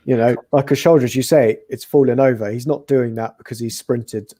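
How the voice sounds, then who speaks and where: A man's voice: mid-range voice, steady tone, a little fast, dark tone. A man co-hosting a football podcast, explaining his points thoughtfully. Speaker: podcast co-host. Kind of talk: casual football chat.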